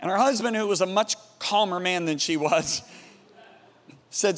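A man preaching a sermon, telling a story dramatically and dropping to a hushed, awed tone. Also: sits high, normal speed, long pauses, in a large hall. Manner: dramatic, swings from loud emphasis to hushed awe.

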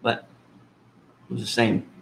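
A man's voice: a little slow, fairly bright tone, a little hiss or hum, poor audio. A man co-hosting a casual podcast, trading sarcastic, profane wisecracks. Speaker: podcast co-host. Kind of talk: casual chat.

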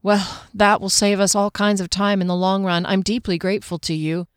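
A bold, impulsive young swordswoman who speaks plainly and from the heart, as a woman reads her lines. Her voice sits at an ordinary middle pitch, and the recording is close and dry. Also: little pitch movement, normal speed, smooth, dry recording, close to an everyday voice.

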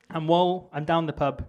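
Man with a slightly high voice, stand-up, halting and self-deprecating, playing a would-be politician. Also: background noise. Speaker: comedian in a mock political speech. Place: stage before a live audience.

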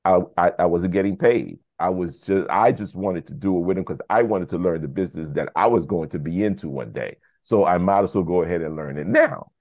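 A deep-voiced American man, a podcast guest, tells a story casually and briskly with few pauses, acting out the quoted dialogue and saying "you know" a lot. The recording is dry and muffled.

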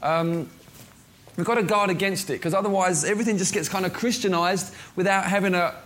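A man preaching in a relaxed, conversational way, often pausing with ums and restarting his sentences. His voice sits high for a man. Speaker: pastor. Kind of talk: sermon.

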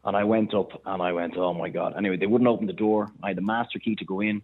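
An Irish man, a chef and restaurateur, telling animated anecdotes in casual chat. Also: lowish voice. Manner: animated anecdotes, quick bursts of laughter. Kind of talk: casual storytelling on a phone-in. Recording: tinny phone line.

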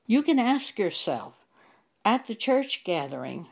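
A woman preaching a sermon at an unhurried, drawn-out pace. Her delivery is deliberate and emphatic, stressing each word and stopping to cite chapter and verse. Her voice sits at a middle pitch for a woman. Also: very animated, vocal fry. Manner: slow, deliberate and emphatic, citing scripture verses.

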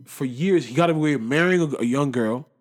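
A young man in casual chat, talking with lively swings between loud bursts and low mutters, full of street slang. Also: brisk.

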